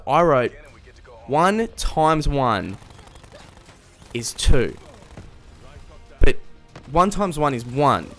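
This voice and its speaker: A man's voice: medium pitch, a bit bright. A young man telling a rambling, self-mocking story in a casual comedic vlog, chuckling mid-sentence. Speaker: vlogger.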